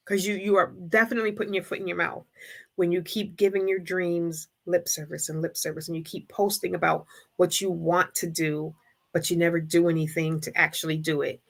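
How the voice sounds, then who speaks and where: A woman hosting a livestream, giving a preachy motivational talk and acting out imagined people in quick asides. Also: medium pitch, steady tone, creaky, fairly bright tone. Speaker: livestream host. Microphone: streaming setup.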